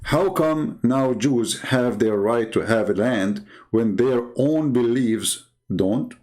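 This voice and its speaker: A man's voice: medium pitch, takes it slowly, few pauses, darkish tone. A man delivering a combative, mocking monologue as an online religious debater, growing heated as he makes his points. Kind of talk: impassioned monologue.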